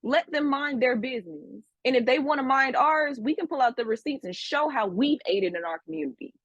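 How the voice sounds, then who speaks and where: A woman's voice: sits high, animated, a little fast, no echo, dull audio. A woman teaching a class, scolding her students with profanity and repeating herself for emphasis. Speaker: spiritual teacher. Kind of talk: livestream class lecture.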